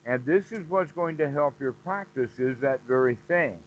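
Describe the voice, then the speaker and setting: Male meditation teacher, mid pitch, unhurried explainer, lo-fi call audio. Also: lively intonation. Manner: slow, explanatory, repeats phrases. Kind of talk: dharma talk on a call.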